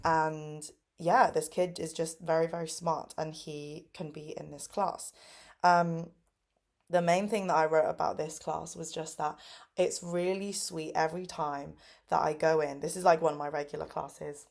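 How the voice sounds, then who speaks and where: A woman's voice: flat delivery, a little slow, gravelly, darkish tone. A woman in her twenties from England, chatting casually about her teaching days in an upbeat, filler-heavy way. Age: 20s. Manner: upbeat, lots of fillers, acts out kids' voices with big pitch jumps. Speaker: English teacher vlogger. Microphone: phone camera.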